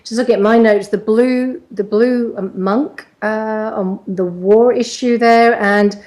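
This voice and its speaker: A woman's voice: fairly high pitch, steady tone, darkish tone. A woman hosting an interview, chatty and loose with fillers. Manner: chatty, with fillers and quick laughs. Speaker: host.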